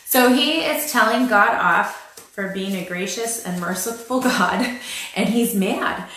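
A woman's voice: mid-range voice, slow, a bit bright. Wry woman teaching in an echoey room. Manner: chatty and wry, retelling scripture with dry sarcasm; frequent "um" fillers and light laughs. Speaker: Christian family Bible teacher. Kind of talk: casual spoken Bible teaching.

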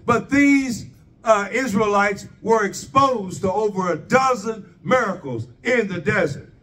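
High-voiced preacher asking rhetorical questions. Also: male voice, measured pace, fairly bright tone, far from the mic. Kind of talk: sermon.

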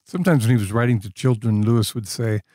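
A man's voice: medium pitch, quick pace, a little mellow, no room sound, clean studio sound. A man co-hosting a literature podcast, discussing books thoughtfully and telling stories. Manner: thoughtful, storytelling. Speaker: podcast co-host, scholar. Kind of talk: casual academic discussion.

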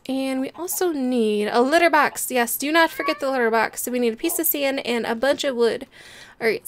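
A woman's voice: high-pitched, slight background noise. A young woman chatting playfully as she plays a building game and talks her viewers through it, laughing often. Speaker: gameplay video host. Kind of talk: casual game commentary.

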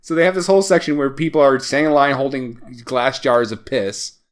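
In a small town, a podcast co-host with a medium-pitched voice talks a little fast, chatting casually about a film. He rambles with many fillers and laughs often.

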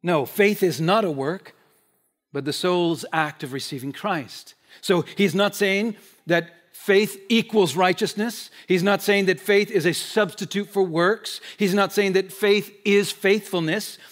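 A man giving a sermon as pastor, moving from loud, driving emphasis to quiet, hushed asides. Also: high voice, a little slow. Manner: impassioned preaching, swinging between loud emphasis and quiet asides. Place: church sanctuary.

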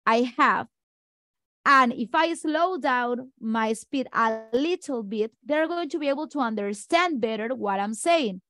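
This online teacher-training session features a high-pitched woman, a native Spanish speaker, whose voice is a bit bright against a dry recording. She moves fast and briskly, speaking directly to colleagues.

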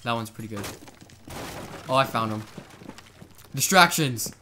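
A man giving casual, excitable gameplay commentary, laughing and swearing as he plays. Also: medium pitch, measured pace, background noise. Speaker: gaming video host.

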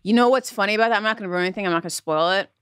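A woman co-hosts a casual podcast and tells a story at an easy pace. Her voice sits at a middle pitch. The recording is dry and close. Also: racing, a bit bright, clear, resonant tone, dry recording. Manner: storytelling, recounting news.

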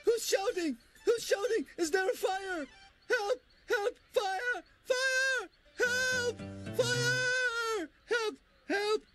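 A jumpy cartoon village elder who stammers and frets, his voice pitched high. He is prone to loud alarm. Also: lively intonation, normal speed, faint music behind. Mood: panicked. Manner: stammering, frantic. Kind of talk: dubbed cartoon dialogue.

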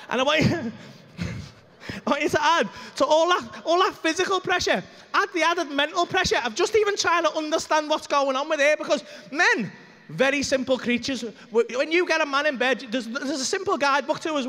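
Stand-up guy, really high voice, crude and animated, acts stuff out with moans and gasps on stage. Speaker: stand-up comedian. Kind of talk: stand-up comedy set. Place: comedy club stage.

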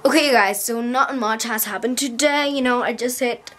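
A woman's voice: on the high side, moderate pace, few pauses, slight background noise. A young woman vlogging from inside a parked car, talking casually, gushing and rambling, into a handheld compact camera. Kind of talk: casual vlog chat.

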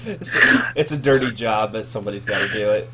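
A man's voice: lowish voice, a little fast, noisy background. A man hosting a casual chat, teasing and joking with his guest.

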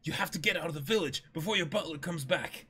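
A man's voice: fairly high pitch, quick pace, pushed and bright, husky. A man voicing a desperate teenage boy, pleading urgently and stammering, in a dramatic comic reading.

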